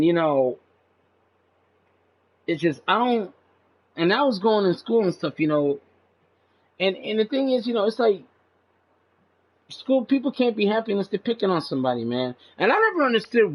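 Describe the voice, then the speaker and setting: Pausing often, a high-pitched channel host rambles at a moderate pace in a sing-song, profane monologue full of "man." His voice jumps up sharply when he's indignant, and the recording sounds dull and lo-fi.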